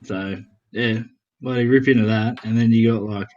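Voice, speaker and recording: A man's voice: on the low side, fairly even intonation, normal speed, dull audio. A man from Portugal talking casually as a guest on a gaming stream over a voice call, rambling with slang and the odd swear. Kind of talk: casual voice chat.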